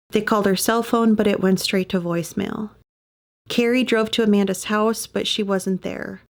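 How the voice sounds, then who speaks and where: A woman reads true-crime narration in her own podcast, pausing for sympathetic asides. Her voice carries steady vocal fry and sits in a middle range. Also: medium pitch. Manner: adds sympathetic personal asides. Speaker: podcast host.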